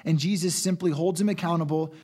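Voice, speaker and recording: A man's voice: on the high side, steady tone, fast, dark tone, breathy edge. A man preaching a sermon in an earnest, exhorting way, moving between reading scripture aloud and urging his listeners on. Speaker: pastor.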